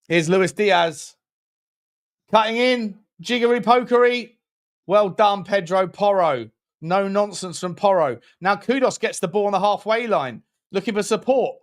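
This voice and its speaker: A man calls a football match live for his stream. He jokes, jumps up in excitement at chances, and thanks his viewers by name. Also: high-pitched, a little slow. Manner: jokey, excitable, chats with viewers between plays. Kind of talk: live match commentary and chat.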